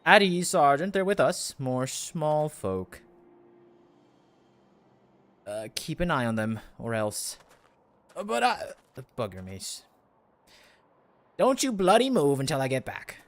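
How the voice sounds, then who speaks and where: A man's voice: on the high side, sing-song, slow pace, pauses often, full character voice. A man voicing a bossy, curt sergeant in a put-on British accent. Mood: gruff. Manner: curt and commanding.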